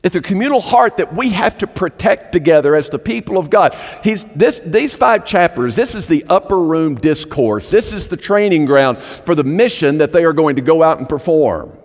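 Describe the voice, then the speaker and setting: A man preaches in a church sanctuary, his voice sitting a little high and rising and falling with lively swings. There is a gravelly rasp at the ends of his phrases, and he presses his points by repeating words. A long reverb from the hall trails behind each line. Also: moderate pace, hardly any pauses. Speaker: pastor. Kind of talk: sermon.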